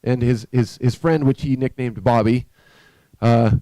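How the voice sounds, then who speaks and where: A man with a mellow, dark voice recounts a story at an unhurried, conversational pace. His sound is dry and close, with no room echo. He now and then turns to his listeners with a question. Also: medium pitch, steady tone. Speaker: live stream host. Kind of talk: spoken storytelling with a spiritual message.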